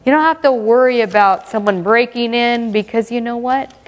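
A woman's voice: fairly high pitch, normal speed. A woman preaching a sermon in a conversational, emphatic way, with playful asides. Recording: long reverb of a hall.

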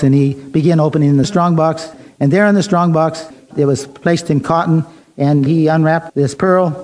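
Mellow-voiced man telling a sermon story. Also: a little high, low-quality recording. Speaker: preacher.

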